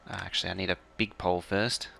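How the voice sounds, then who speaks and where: A man with a low, gravelly voice gives relaxed commentary on a game stream, talking half to himself as he plays. His tone is bright and forward. Faint music plays behind him. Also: quick pace. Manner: relaxed, muttering to himself while playing; makes playful mouth sound effects. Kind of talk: casual live-stream commentary.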